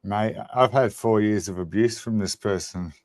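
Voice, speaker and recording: A man's voice: on the low side, normal speed, dry recording, clean studio sound. A man guest on a live stream, joking crudely and laughing often. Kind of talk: casual crude chat.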